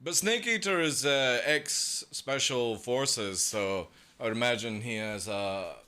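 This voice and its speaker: A man reacting casually on a live stream, excitable, swearing freely and laughing often. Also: mid-range voice, slow, clean tone.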